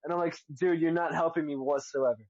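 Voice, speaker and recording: A man's voice: a little high, steady tone, darkish tone, no echo. A young man co-hosting a comedy podcast, telling rambling mock-serious anecdotes full of restarts. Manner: halting, many restarts, mock-serious storytelling. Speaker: podcast co-host. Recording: dull lo-fi dry sound.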